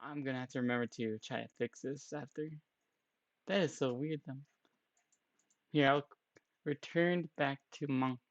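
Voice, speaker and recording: A man's voice: medium pitch, fairly even intonation, moderate pace, long pauses, no echo, lo-fi sound. A man streaming a game in a casual, joking way, chatting with his viewers and laughing often.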